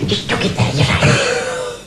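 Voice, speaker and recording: A man's voice: very high voice, huge pitch swings, slow pace, echoey room, noisy background, voice pushed up, heavily acted. A man voicing a dotty, fussing old grandmother, repeating herself in nonsense chants. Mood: doting.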